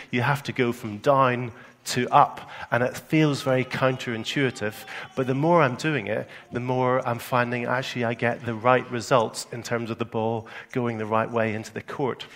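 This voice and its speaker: A man's voice: medium pitch, a bit bright. Northern irish guy preaching, chatty, repeats himself a lot, mid voice, echoey hall. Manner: conversational, repeats words when starting a phrase. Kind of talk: sermon. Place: church hall in England.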